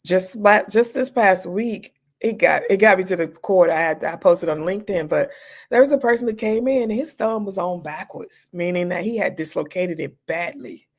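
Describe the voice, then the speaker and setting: A woman emergency room physician, a guest in an interview, telling her stories in an animated way and acting out her own reactions. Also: lowish voice, moderate pace. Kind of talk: casual storytelling in an interview.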